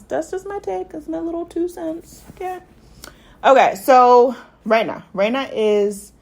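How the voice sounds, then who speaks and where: A woman hosting a podcast, recapping a TV episode in loose, chatty talk and now and then playing out quick quoted lines. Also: mid-range voice. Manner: chatty and animated, jumps into quick acted quotes of characters. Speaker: podcast host. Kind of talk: casual TV recap chat.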